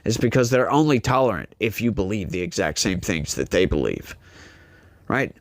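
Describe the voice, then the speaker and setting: A man's voice: fairly low pitch, sing-song, moderate pace, dry recording. Emphatic male political commentator, dry sound. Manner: emphatic, preachy, talks straight to the audience with "folks" and "y'all". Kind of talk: opinionated political commentary monologue.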